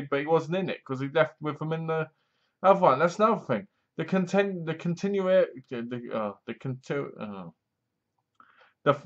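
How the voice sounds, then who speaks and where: A man talks through a horror film review in a loose, rambling way. He is frank and sometimes trips over his words. His middle-pitched voice comes through a slightly muffled, lo-fi recording. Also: fairly bright tone. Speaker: movie reviewer. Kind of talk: casual spoken review.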